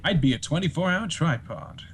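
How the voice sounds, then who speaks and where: A man's voice: a little high, big pitch swings, normal speed, a little hiss or hum. A man doing an impression of a pompous, lecherous British actor with grandiose delivery.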